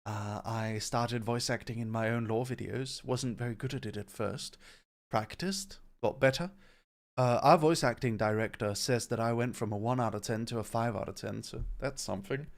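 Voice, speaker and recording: Man, CEO, casual livestream Q&A, gravelly, relaxed, rambling. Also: medium pitch, normal speed. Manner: relaxed, rambling, reads chat questions aloud. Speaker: company CEO answering viewer questions.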